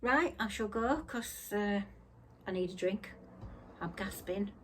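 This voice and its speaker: A woman's voice: medium pitch, animated, measured pace, a bit bright, a little hiss or hum. A middle-aged woman, chatting casually in her craft vlog, tired and yawning, rambling and apologetic. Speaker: crafting vlogger.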